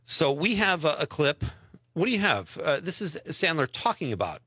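A man's voice: fairly high pitch, very animated, moderate pace, sharp tone, husky, no echo, studio quality. A man hosting a casual radio talk show, reading listener messages and chatting with his co-host.

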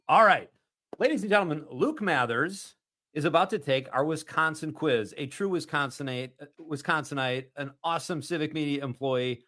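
A man's voice: mid-range voice, sharp tone. A man hosting a casual talk show quiz. He is upbeat, laughs often, and reads the questions with emphasis. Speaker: radio show host.

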